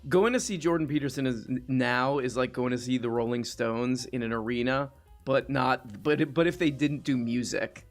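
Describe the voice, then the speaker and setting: A man's voice: mid-range voice, moderate pace, soft background music. A man hosting a live talk show, chatting in a loose, joking, rambling way. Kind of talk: casual chat.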